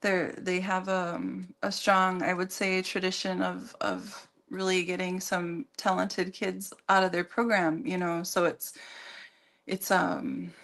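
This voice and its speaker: A woman talking as a guest on a radio show in a casual, halting way, with many fillers and restarts. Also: fairly low pitch, fairly bright tone. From Minnesota. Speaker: guest, community organization leader.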